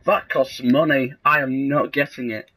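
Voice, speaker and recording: A young man with a sarcastic, deadpan manner, casually commentating a video game and breaking into sudden excited yelps. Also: mid-range voice, normal speed, breathy edge, poor audio. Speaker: gaming video host.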